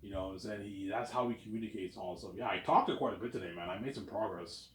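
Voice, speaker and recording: A man of about thirty, a vlogger, speaks in a lowish voice at a rapid-fire clip. He rambles through a casual, self-assured monologue, sprinkling "obviously" and "man" into his sentences, and the recording has a roomy echo.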